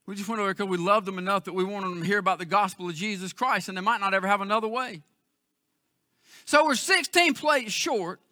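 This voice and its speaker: A man preaching a sermon as pastor, telling a story with emphatic, then hushed, emotional delivery. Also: sits high, brisk, no echo, studio quality.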